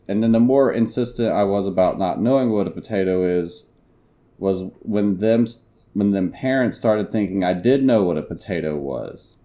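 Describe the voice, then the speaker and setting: A young man reading an internet story aloud and chatting on a casual podcast, deadpan with bursts of laughter. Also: fairly low pitch.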